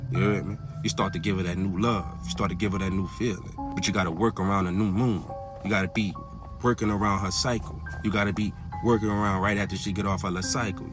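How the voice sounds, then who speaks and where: A low-pitched man lectures in a slangy, preachy monologue, checking in with his listeners over and over. He drops to a mutter, then climbs into loud, high bursts. Clear music plays behind him. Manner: slangy, repeats "you heard me?". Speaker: spiritual talk host.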